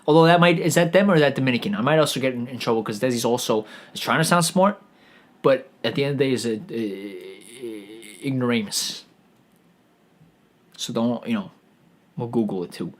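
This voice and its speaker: A podcast host, rambling through a profane solo monologue full of restarts and stammered false starts. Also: male voice, medium pitch, brisk. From New York.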